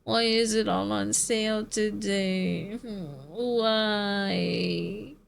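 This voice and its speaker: A woman's voice: medium pitch, steady tone, drawn-out words, creaky. A woman streamer chatting casually with her viewers, swearing and laughing often as she answers chat.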